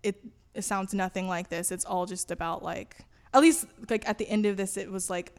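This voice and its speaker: A woman's voice: medium pitch, fairly even intonation, normal speed, smooth. A woman guest in a podcast interview, talking candidly about her faith with fillers and laughs. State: voice cutting out. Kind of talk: personal testimony interview.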